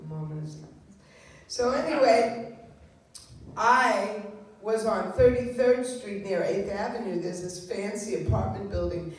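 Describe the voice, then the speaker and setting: A woman doing a wry, self-deprecating stand-up set on a club stage. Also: mid-range voice. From Long Island, New York. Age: 70s. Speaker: stand-up comedian. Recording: roomy club sound heard from far off.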